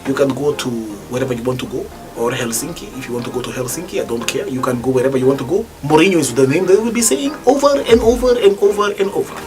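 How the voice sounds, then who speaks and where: A man doing an impression of a boastful, dismissive football coach, speaking low and clipped. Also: quick pace, few pauses, music in the background, natural voice.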